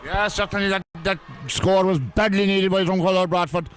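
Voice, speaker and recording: Hesitant Irish co-commentator. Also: male voice, sits high, steady tone, moderate pace. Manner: hesitant, repeats words. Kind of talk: match analysis.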